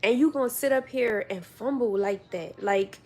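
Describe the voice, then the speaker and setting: A woman's voice: on the high side, moderate pace, a little mellow. Blunt, profane young woman vlogging. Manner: blunt, profane, laughs a lot. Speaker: commentary vlogger. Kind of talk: casual commentary chat.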